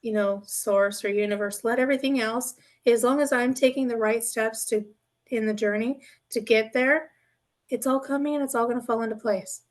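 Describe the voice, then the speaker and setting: Chatty earnest woman, slightly high voice. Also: steady tone, normal speed. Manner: rambling, earnest, keeps tagging "right?". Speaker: podcast co-host. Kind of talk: casual podcast chat.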